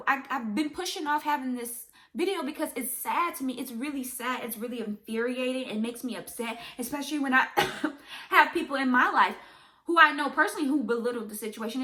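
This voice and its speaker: In a high, pushed, bright voice at a fairly quick pace, a young vlogger rants emphatically and repetitively to camera in a commentary video, clearly impassioned.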